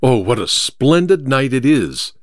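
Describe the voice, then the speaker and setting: A man reading an audiobook, voicing a cool, confident male detective who speaks in a crisp, amused, measured way. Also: mid-range voice, very animated, dry recording, clean studio sound. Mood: resolute.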